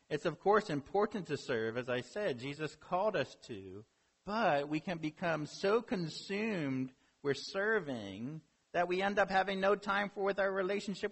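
A man's voice: high-pitched, creaky, fairly bright tone, husky. A man preaching a sermon as a pastor, earnest, with rhetorical questions and building emphasis.

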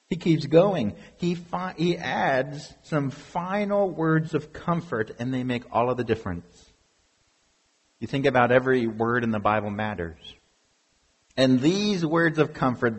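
Husky-voiced preacher in a reverberant hall. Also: male voice, mid-range voice. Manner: earnest, emphatic, rhetorical questions to the congregation. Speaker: pastor. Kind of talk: sermon. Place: church sanctuary. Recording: long reverb of a large hall.

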